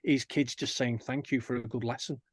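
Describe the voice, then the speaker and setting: A man, an energetic guest in an interview, telling stories and acting out the people he quotes. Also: mid-range voice, brisk, no room sound, clean studio sound. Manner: energetic storyteller who acts out quoted people. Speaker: guest, kindness campaigner. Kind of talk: animated interview chat.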